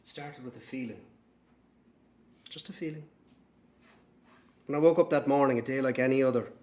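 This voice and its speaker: An actor with an Irish accent playing a young man, her lost twin, speaking in a hushed, brooding dramatic monologue for an audio drama. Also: medium pitch, normal speed, natural voice. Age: young adult.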